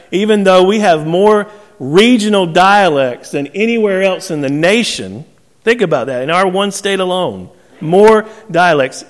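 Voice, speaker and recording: High-voiced Southern pastor in a reverberant hall. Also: male voice. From southern North Carolina. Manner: folksy, joking, laughs often. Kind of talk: sermon.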